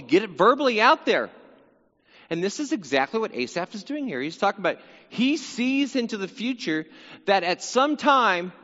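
High-voiced earnest preacher in a reverberant hall. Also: male voice, pushed and bright, lo-fi sound. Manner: earnest, repeats phrases, voices the psalmist's plea. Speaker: Bible teacher. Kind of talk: sermon-style Bible teaching.

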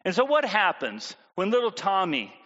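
A man with a fairly high voice preaches a sermon and keeps turning to the congregation with questions. The sound is dull, with a long reverb from a large hall. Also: huge pitch swings, moderate pace, a bit bright. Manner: conversational, asks the congregation questions. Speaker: pastor.

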